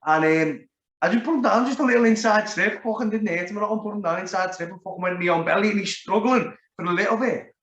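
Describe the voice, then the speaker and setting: A man's voice: sits high, fast, fairly bright tone. Man, liverpool accent, rambling sweary storytelling, muffled lo-fi sound. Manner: rambling, heavy swearing, lots of "like". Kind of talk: casual storytelling. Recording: roomy, dull lo-fi sound.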